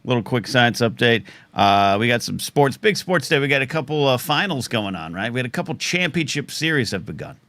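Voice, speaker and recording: A man's voice: mid-range voice, very animated, a little fast, few pauses, a bit bright, dry recording. A man in his forties hosting a live talk show, rambling and self-deprecating in casual banter.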